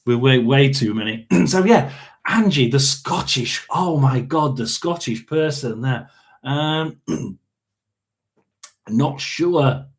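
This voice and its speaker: A middle-aged man reads tarot cards in a casual session. He talks slowly at a mid pitch. He rambles and halts, with plenty of ums and throat clearing between thoughts. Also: lively intonation. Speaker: tarot and spirit box reader. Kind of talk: casual livestream reading.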